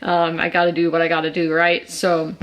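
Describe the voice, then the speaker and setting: A woman's voice: low-pitched, monotone, fairly quick, lo-fi sound, a little hiss or hum. A woman, chatting at home in a rambling, anxious way for a sit-down vlog. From South Carolina. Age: 20s. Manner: rambling, filler-heavy, anxious storytelling. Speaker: vlogger. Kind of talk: casual sit-down vlog chat. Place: indoors, a room in her home.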